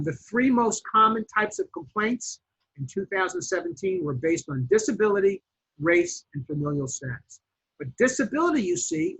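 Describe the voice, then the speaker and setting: A real estate instructor, lecturing a class in an emphatic, lively way with fillers and restarts. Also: male voice, high-pitched, husky. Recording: dull lo-fi classroom recording.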